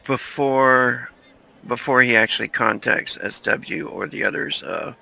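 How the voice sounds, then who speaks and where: Slow gravelly male player. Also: mid-range voice, pushed and bright. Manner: slow, hesitant. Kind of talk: tabletop role-play.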